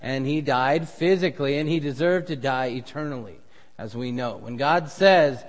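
A middle-aged male pastor delivering a sermon, swelling to loud, emphatic peaks when making a point. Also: mid-range voice, moderate pace. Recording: long reverb of a church hall.

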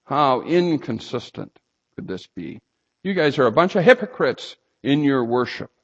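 A man preaching a sermon, telling stories and sometimes breaking into loud outbursts. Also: medium pitch, lively intonation, moderate pace. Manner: storytelling with sudden loud outbursts. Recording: slightly dull lo-fi sound.

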